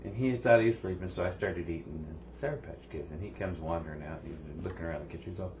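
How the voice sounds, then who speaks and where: A man's voice: deep voice, quick pace, a little mellow, lo-fi sound, slight background noise. A man co-hosting a podcast, telling a rambling home story with frequent restarts and laughter. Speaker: podcast co-host. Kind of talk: casual storytelling chat.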